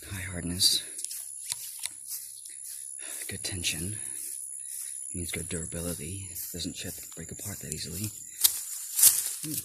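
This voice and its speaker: A man's voice: sits low, moderate pace, pauses often. A man chatting casually as a vlogger while unboxing a tool, rambling, correcting himself and swearing often. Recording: loud crinkling and tearing noise.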